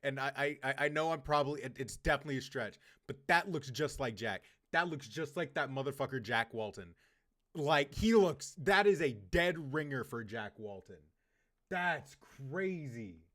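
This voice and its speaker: A young man reacting to a horror game, loud and excitable, swearing and stammering through restarts. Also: medium pitch, normal speed. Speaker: gaming reaction host.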